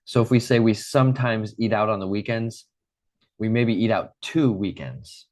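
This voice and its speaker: Man, very low voice, patient teacher, slow drills, repeat-after-me lesson. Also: a little mellow. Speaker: English teacher. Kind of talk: online English lesson.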